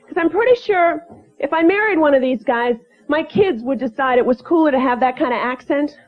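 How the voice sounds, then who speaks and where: A woman's voice: sits high, expressive, fairly quick. A woman with an Ohio accent doing chatty, self-mocking stand-up comedy on a club stage. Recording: muffled club recording with loud crowd.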